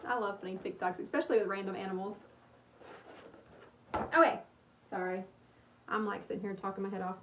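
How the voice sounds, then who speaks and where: A woman's voice: mid-range voice, fairly even intonation, brisk, long pauses, highs cut off. Girl chatting on a craft livestream, bubbly and rambly, kinda echoey room. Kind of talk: casual livestream chat while crafting. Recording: roomy, slightly distant with faint hiss.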